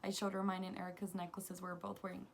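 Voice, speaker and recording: A young woman vlogger excitedly telling a story to camera, gushing and breathless, full of restarts. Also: fairly low pitch, quick pace, gravelly, slight background noise.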